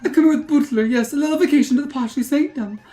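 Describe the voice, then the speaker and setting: A woman's voice: sits high, fast talker, warm tone, voice pushed up, natural voice. A woman voicing a haughty, vain ghost princess with a preening, grand manner.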